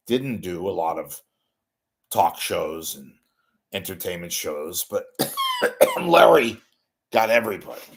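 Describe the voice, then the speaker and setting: An older man hosting his own talk show, talking off the cuff to viewers in a blunt, rambling, self-mocking way. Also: low-pitched. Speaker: host of an online talk show. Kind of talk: unscripted solo talk reading viewer messages.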